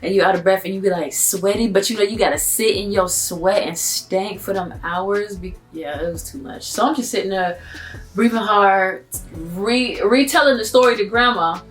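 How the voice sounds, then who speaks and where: A young woman from Miami, telling a vlog story in a casual, animated, slangy way and acting out her own asides. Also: medium pitch, normal speed, faint music behind. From Miami, Florida. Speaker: vlogger.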